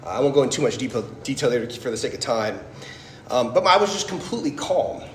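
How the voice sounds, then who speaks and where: A man in his thirties gives a personal faith testimony to a live audience in a casual, storytelling way, leaning on "like" and "right?" as he goes. His voice sits at a middle pitch. The room rings with echo, and a faint hum of ambience sits behind him. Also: expressive, fast talker. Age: 30s. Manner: conversational, storytelling, frequent "like" and "right?". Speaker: speaker giving a faith talk.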